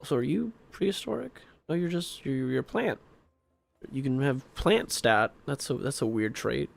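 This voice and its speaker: A man's voice: medium pitch, lively intonation, normal speed, creaky. A man giving casual gameplay commentary, exasperated and swearing, asking the same questions again and again. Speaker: gaming streamer.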